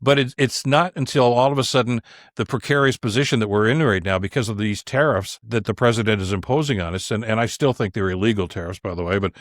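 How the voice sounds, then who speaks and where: A man speaking as a guest, giving his opinions in an emphatic, animated way and repeating words as he starts each point. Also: lowish voice, fast talker, no room sound, clean studio sound. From Canada. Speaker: podcast host as guest. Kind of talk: conversational opinion talk.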